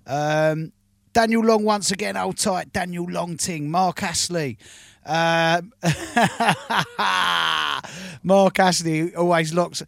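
A man working as a radio DJ, reading out listener shout-outs and introducing tunes in chatty, cheeky patter from a studio. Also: high-pitched, steady tone, takes it slowly, gravelly, no echo.

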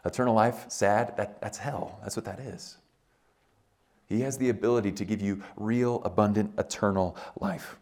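A man preaching a sermon at a retreat, animated and full of rhetorical questions, acting out scenes as he tells them. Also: normal speed. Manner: animated, acts out scenes with big pitch jumps and rhetorical questions. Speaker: pastor. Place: retreat meeting room.

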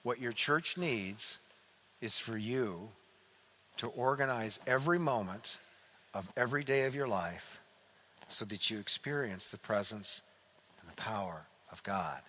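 A man voicing a calm, soft-spoken, wise old man, speaking slowly and gently in an echoey hall. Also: on the low side, breathy edge, voice pushed down, heavily acted. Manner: slow, gentle, hushed delivery.

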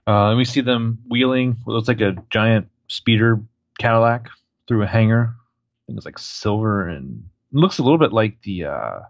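A man with a lowish voice describes film footage plainly and drops dry jokes along the way. The audio is dry and a little dull, like a lo-fi recording. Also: expressive, moderate pace, gravelly, dry recording. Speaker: podcast co-host. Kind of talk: casual film commentary.

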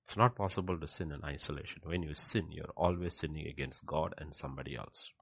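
A man preaching a sermon with emphatic rhetorical questions, swinging between loud declarations and hushed asides. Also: rumbling low, fairly quick, gravelly, slightly rough, no room sound.

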